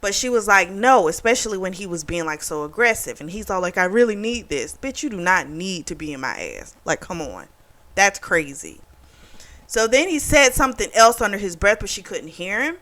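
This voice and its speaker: A woman's voice: medium pitch, brisk. Female book club host; chatty, foul-mouthed, indignant recap delivery with quoted dialogue. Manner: animated, profane, indignant retelling with voiced quotes. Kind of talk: casual book review recap.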